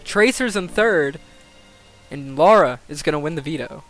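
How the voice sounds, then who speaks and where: Hyped young guy streaming a sim game, highish voice, swears a lot, soft music underneath. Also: normal speed. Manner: excitable, swears, laughs, thinks aloud. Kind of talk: live-stream commentary on a game simulation.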